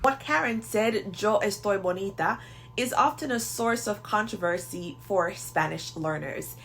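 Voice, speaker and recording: A woman with a Jamaican accent hosting a language lesson, explaining clearly and slowing down to model example phrases. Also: medium pitch, animated, a bit bright, a little hiss or hum. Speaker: Spanish teacher and video host. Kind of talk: instructional video talk.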